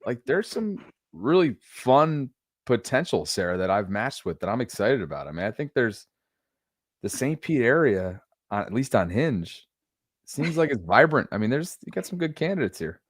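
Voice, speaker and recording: A middle-aged man co-hosting a podcast, chatting casually with a playful, drawn-out joking delivery. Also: medium pitch, sing-song, dry recording, clean studio sound. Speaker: podcast co-host. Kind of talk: casual chat.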